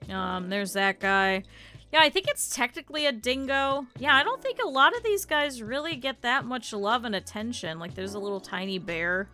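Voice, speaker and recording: A woman streamer chatting casually to her live chat, blunt and swearing freely, with lively quoted asides. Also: a little high, normal speed, faint music behind.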